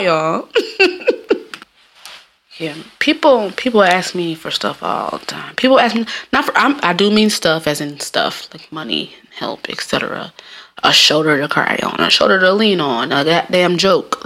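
On her solo podcast, a host from Jamaica talks casually and rambles, often breaking into laughter. She has a low, fairly bright voice with a sing-song lilt and a moderate pace.

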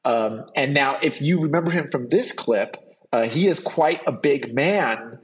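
A man's voice: mid-range voice, unhurried. Chatty man with a middle voice. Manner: enthusiastic storytelling with fillers. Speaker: podcast co-host. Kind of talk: casual chat.

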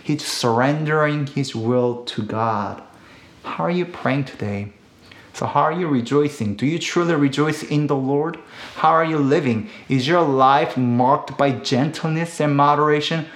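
A man in his thirties from Korea, speaking English with a Korean accent, preaches a sermon in an earnest, slow and deliberate way, with emphatic rises. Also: on the high side. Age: 30s. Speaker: pastor. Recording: echoey room.

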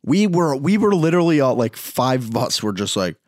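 A man's voice: medium pitch, big pitch swings, brisk, no echo, clean studio sound. A man co-hosting a podcast in casual chat, often chiming in with short agreements and laughter. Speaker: podcast co-host.

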